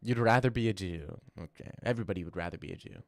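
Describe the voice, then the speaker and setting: A man's voice: low voice, quick pace, gravelly, no room sound, studio quality. Young man bantering with his chat. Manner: joking, stammering, banter with chat. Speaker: streamer reacting to fight news and chat. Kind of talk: casual live-stream chat.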